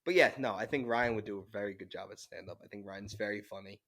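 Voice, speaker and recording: A young man co-hosting a podcast, telling animated stories with laughter on a handheld mic. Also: fairly low pitch, quick pace. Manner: animated storytelling with frequent laughs. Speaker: podcast co-host. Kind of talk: casual chat. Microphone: handheld mic, sometimes held away.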